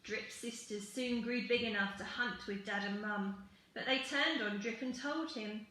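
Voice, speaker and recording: A woman teacher reads a rhyming picture book aloud in a slow, rhythmic, expressive manner. Her voice is high and bright. The recording rings in a very echoey room. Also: slight background noise.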